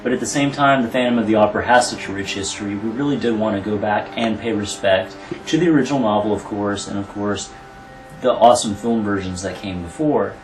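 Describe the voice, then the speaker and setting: A man's voice: lowish voice, a little fast. Guy rambling earnestly about his movie, kinda far from mic, echoey, faint music. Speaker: film director, guest. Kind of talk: interview answers. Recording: roomy, from off the mic.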